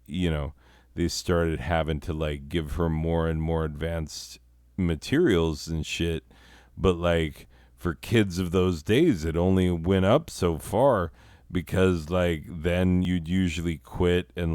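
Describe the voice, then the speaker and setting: A male comedy host with a deep voice and an unhurried, drawn-out delivery. He rambles through stories, swearing constantly and leaning on fillers. The sound is clean, smooth and dry, close to the mic. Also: a little mellow, dry recording. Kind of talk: casual profane comic storytelling.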